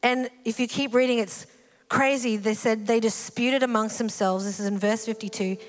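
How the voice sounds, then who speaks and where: A woman preaching a sermon in a church hall, animated and acting out the voices in the story. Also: on the high side, moderate pace. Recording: hall reverb with faint music.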